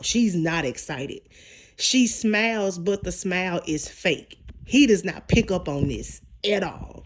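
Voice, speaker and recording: A young adult woman giving a casual recap of a TV episode, retelling scenes and acting out the characters' lines. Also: on the low side. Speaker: TV show reviewer.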